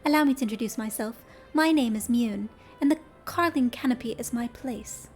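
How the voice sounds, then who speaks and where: A woman's voice: on the high side, normal speed, faint music behind, lightly acted. A woman reading as a courteous innkeeper. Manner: polite, formal reading. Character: courteous female innkeeper, polite and formal. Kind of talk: reading game dialogue aloud.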